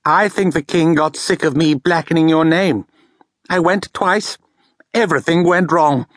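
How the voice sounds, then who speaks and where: A man voicing a stubborn, sharp-tongued young woman who speaks bluntly, in a storybook reading. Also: a little high, measured pace, dry recording, studio quality, pitched above the performer's own voice. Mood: exasperated.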